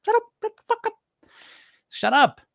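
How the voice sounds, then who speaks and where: Man doing a fierce inner coach voice, blunt, cursing, very high and strained, dry close sound. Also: big pitch swings, moderate pace, vocal fry, fairly bright tone, dry recording, exaggerated voice.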